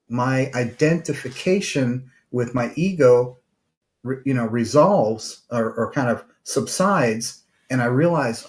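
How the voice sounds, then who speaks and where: A middle-aged man hosts his own show and talks through meditation in a calm, searching way. He circles back on his words, with frequent fillers and restarts. His voice sits at an ordinary middle pitch. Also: slow pace. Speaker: podcast host and therapist. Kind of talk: reflective solo talk on meditation.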